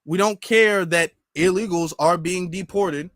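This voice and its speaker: High-voiced exasperated male commentator. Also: unhurried, a bit bright, no room sound, clean studio sound. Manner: exasperated, mocking, repetitive. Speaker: commentary channel host. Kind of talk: reaction commentary on clips.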